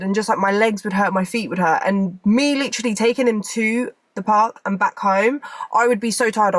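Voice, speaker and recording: A woman's voice: mid-range voice, no echo. A woman in her thirties from England, chatting casually to camera from inside her car, rambling with lots of fillers. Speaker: vlogger.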